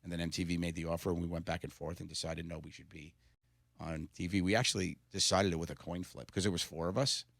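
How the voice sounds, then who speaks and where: A middle-aged man with a low voice rattles through stories at a fast clip, animated and laughing often. He sounds close to a studio mic in a dry room. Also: gravelly, no room sound. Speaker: comedian guest. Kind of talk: casual interview storytelling.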